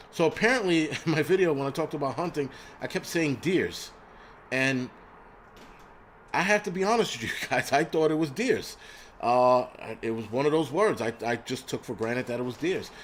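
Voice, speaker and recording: A middle-aged man in the middle of his pitch range, talking casually on a live stream. He is blunt and profane and keeps poking fun at himself. A faint hiss sits under the voice. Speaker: host.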